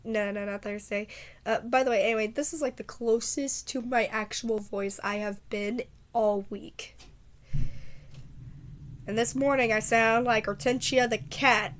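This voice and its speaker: A congested, hoarse woman with a raspy voice, rambling casually in a vlog and stumbling over her words. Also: on the high side, a little slow, long pauses, a little hiss or hum. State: congested, hoarse from a sore throat. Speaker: video creator.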